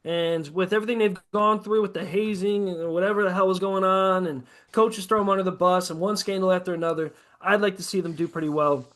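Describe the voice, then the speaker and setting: A man's voice: high-pitched, steady tone, fairly quick, hardly any pauses, a bit bright. A man co-hosting a podcast, chatting casually and profanely about sports, ranting hard and mocking others in quoted asides. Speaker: podcast co-host.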